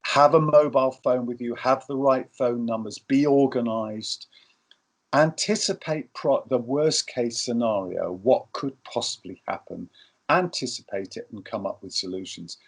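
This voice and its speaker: A man's voice: medium pitch, unhurried, gravelly. Middle-aged man, film industry guest, advice with acted-out quotes. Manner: storytelling, acts out quoted lines. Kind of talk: advice talk.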